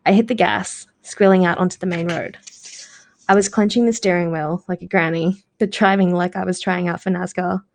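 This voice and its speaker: A woman's voice: on the low side, fairly even intonation, normal speed, gravelly. A woman reading a novel aloud casually on a live stream, correcting her slips and adding short asides. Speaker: reader of novels.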